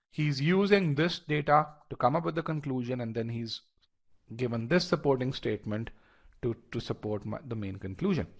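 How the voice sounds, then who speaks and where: Guy teaching a live online class, mid pitch, stops and restarts a lot, walks thru the logic step by step. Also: vocal fry. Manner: animated, frequent restarts and fillers; talks through reasoning step by step, polling the class. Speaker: test prep instructor.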